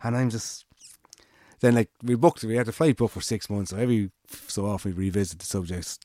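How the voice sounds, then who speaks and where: An Irish man spins a loose, meandering story in easy conversation, slipping into the voices of the people he quotes. His voice sits fairly low and comes across dry and close to the mic. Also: fairly quick, dark tone, no echo. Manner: rambling anecdote with quoted dialogue and swearing. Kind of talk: casual storytelling chat.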